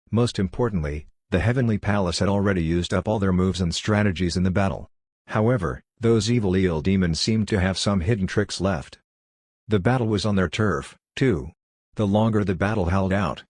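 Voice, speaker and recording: Deep-voiced male audiobook narrator. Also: a little mellow, dry recording, studio quality. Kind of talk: scripted narration.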